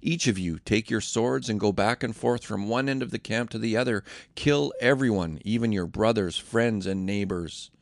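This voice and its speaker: Man reading Moses, an earnest older prophet, pleading and urgent, gravelly low voice. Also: moderate pace, few pauses, dry recording, studio quality. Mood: commanding.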